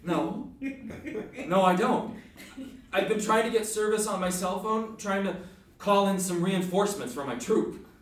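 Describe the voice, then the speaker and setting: A man playing a frantic, emotional troop leader who is stranded and heartbroken, with a high voice. It sounds very echoey, as if picked up from across a bare room, in a comedy sketch. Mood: flustered. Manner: frantic, emotional, quick to outbursts. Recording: very echoey, distant-mic recording.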